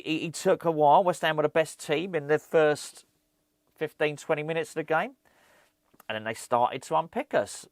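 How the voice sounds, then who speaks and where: Animated football fan, dry sound. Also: male voice, fairly high pitch, dry recording. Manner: animated, repeats words, rants. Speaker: fan channel host. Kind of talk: casual football chat.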